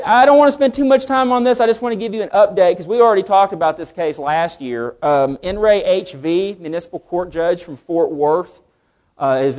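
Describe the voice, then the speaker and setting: A man teaching a class on legal cases, often putting questions to the room and answering them himself. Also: a little high. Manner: animated, asks the class questions. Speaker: legal instructor. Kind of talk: lecture to a class.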